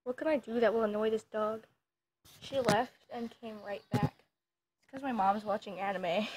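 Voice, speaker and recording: A woman's voice: medium pitch, steady tone, moderate pace, a little mellow, slightly rough. A woman vlogging casually as she playfully teases her dog. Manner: playful, teasing. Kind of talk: casual chat.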